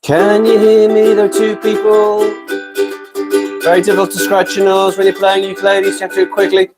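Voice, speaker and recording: A man's voice: sits high, monotone, a little fast, over loud music. A British man in his fifties chatting casually on a live stream from his garden shed, rambling and self-deprecating between ukulele songs. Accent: British English. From Britain. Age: 50s. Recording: ukulele strumming under the voice. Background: ukulele playing.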